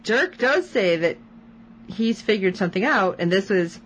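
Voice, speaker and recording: A woman's voice: mid-range voice, unhurried, slight background noise, poor audio. A woman co-hosting a podcast, chatting casually as she recaps a TV episode and acts out quoted lines. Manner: animated, retells scenes with quoted lines. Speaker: podcast co-host.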